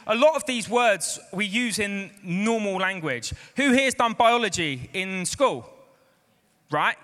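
A man's voice: high voice, sharp tone. A man preaching a sermon as pastor, calling out to the congregation for amens. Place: church hall. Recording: echoey church hall.

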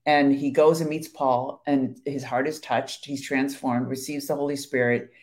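A woman's voice: a bass voice, flat delivery, normal speed, a little mellow. Earnest woman co-hosting a faith chat. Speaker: co-host of a Christian devotional show. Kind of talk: casual faith chat with her husband.

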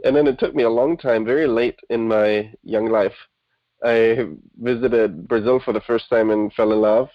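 A man's voice: medium pitch, steady tone, moderate pace, dry recording. Man from Germany, thirties, chatty interview guest, dry close sound, dull lo-fi audio. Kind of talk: casual interview conversation.

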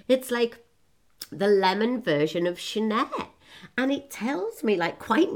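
A woman in her forties giving a chatty, self-mocking personal talk to her audience, laughing often and breaking into quick asides. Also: on the low side, creaky. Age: 40s. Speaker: motivational speaker.

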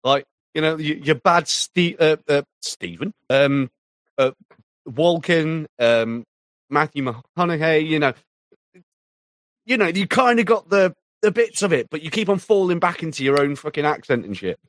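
A man's voice: a little high, expressive, measured pace, a bit bright, no echo. An English man co-hosting a podcast, blunt and mocking in sweary casual banter. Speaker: podcast co-host.

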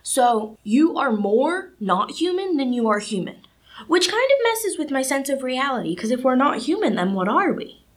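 A woman's voice: high-pitched, normal speed. A teenage girl hosting a student podcast, talking casually and animatedly, with lots of fillers. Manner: chatty and animated, lots of "like" and "you know". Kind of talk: casual solo podcast monologue.

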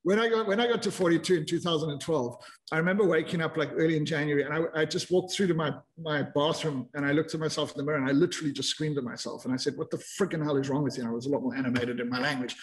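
A man's voice: a little high, rapid-fire. A man in his fifties, a podcast guest telling his story in a candid, reflective way with frequent restarts. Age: 50s. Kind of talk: casual interview chat.

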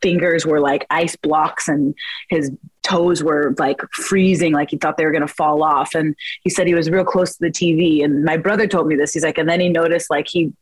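A woman's voice: low voice, fairly even intonation, moderate pace, slightly rough, dry recording, rough recording. Chatty woman fighter telling stories. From United States, Washington state. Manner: chatty, lots of "like", acts out quotes. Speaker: guest fighter. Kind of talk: casual interview storytelling.

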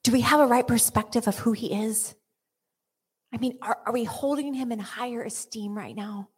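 Husky-voiced woman teaching, slipping into whispers. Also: fairly high pitch, normal speed. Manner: earnest, often dropping to a whisper, many restarts. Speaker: Christian speaker. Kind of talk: heartfelt teaching with a personal story.

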